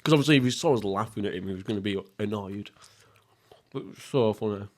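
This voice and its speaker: A man's voice: fairly low pitch, fast, a little mellow. A young man hosting a casual mukbang podcast, rambling and swearing, often laughing at himself. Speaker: podcast host. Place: at home, seated.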